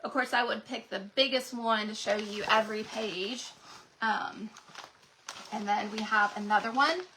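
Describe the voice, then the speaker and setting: A woman hosting a craft livestream, gushing excitedly to her viewers as she shows off new transfers. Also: mid-range voice, a little slow, slight background noise. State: recovering from being sick. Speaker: craft channel host.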